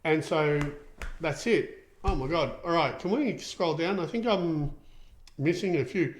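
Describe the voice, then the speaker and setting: An unhurried, lively voice on the high side belongs to a middle-aged Australian man hosting a laid-back livestream show. He reads out viewer comments chattily and meanderingly, with lots of ums.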